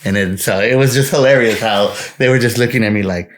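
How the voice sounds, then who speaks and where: A man's voice: on the low side, fast. A man from Texas, a podcast guest, telling stories in a rambling, casual way, full of "you know" and "right" and frequent laughter. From Texas, USA. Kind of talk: casual storytelling chat.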